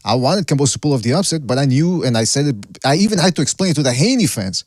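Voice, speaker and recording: A man's voice: fairly high pitch, lively intonation, rapid-fire, no room sound, clean studio sound. A man hosting a boxing podcast, talking bluntly with swearing and frequent restarts. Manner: blunt, profane, stammers and repeats himself. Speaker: podcast host. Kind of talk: casual boxing chat.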